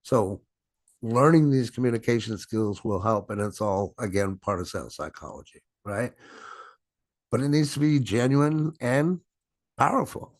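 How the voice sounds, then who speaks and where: This is a middle-aged man leading a sales training session over a video call. He speaks at a middle pitch and stresses and draws out words for effect. His voice sounds dry and close, with no room echo. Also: lively intonation, a little slow. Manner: emphatic, stretches and stresses words; frequent "right?" tag questions. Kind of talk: business training presentation.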